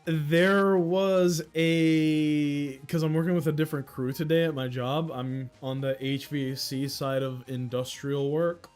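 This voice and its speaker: Speaking a little slowly with few pauses, this young host has a fairly high, steady, darkish voice, with faint music behind. He's an American with a Dominican-influenced accent who rambles through stories on his livestream, chatting casually and laughing often.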